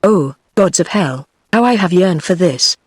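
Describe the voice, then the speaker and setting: A text-to-speech voice of a woman with a British English accent, reading the lines of a savage, vengeful barbarian warrior in an even audiobook tone. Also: on the low side, measured pace, slightly rough.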